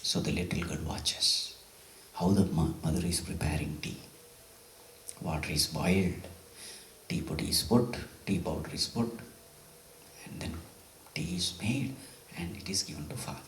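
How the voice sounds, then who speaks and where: A man's voice: sits low, unhurried, long pauses, fairly bright tone, recorded from a distance, a little hiss or hum. A man giving a spiritual scripture discourse, telling stories and asking his audience questions. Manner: storytelling, with frequent questions to the audience. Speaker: spiritual teacher. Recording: roomy hall, away from the mic.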